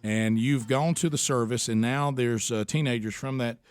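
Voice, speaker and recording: A man's voice: mid-range voice, steady tone, moderate pace, smooth, dry recording. A man hosting a radio show who asks questions and adds brief, encouraging interjections. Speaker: radio host. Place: radio studio.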